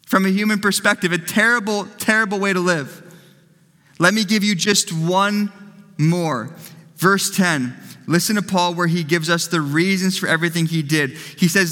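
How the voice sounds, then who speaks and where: Bright-voiced pastor preaching in a hall. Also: male voice, high-pitched, normal speed. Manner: emphatic, repeats phrases for rhetorical effect. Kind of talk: sermon.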